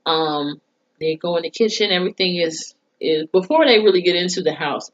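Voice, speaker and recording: A woman's voice: lowish voice, animated, fairly quick, lo-fi sound. A young woman casually recapping a TV episode, chatty and profane, acting out the characters' lines as she goes. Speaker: TV reviewer.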